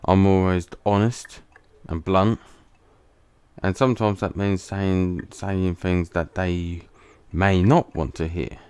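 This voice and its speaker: A man's voice: low voice, fairly even intonation, takes it slowly, a little mellow, clean tone. A man giving casual let's play commentary, talking earnestly and bluntly and often restarting his sentences. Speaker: gaming channel host.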